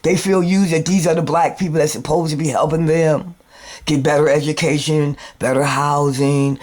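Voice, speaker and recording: Guy ranting on his own show, kinda high voice, rambling and profane, keeps restarting words, gets loud then drops quiet. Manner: repeats words and restarts often; swings between loud and subdued. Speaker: video show host. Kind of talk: unscripted ranting monologue. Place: New York.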